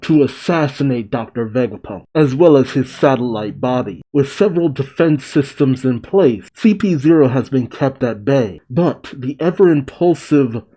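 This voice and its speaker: A man's voice: medium pitch, animated, moderate pace, few pauses, dark tone, rough recording. A man hosting a manga reaction, reading a comic chapter aloud with wry, musing asides.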